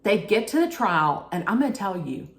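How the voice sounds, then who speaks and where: A woman's voice: mid-range voice, very animated, normal speed. A woman vlogger giving casual, frank commentary on a documentary, telling it like gossip and talking straight to the viewer. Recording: echoey room.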